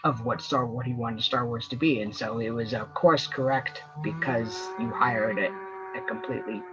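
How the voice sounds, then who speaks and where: A man's voice: mid-range voice, normal speed, highs cut off, music in the background. A man co-hosting a casual fan review show, talking in long rambling runs with many restarts. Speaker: co-host.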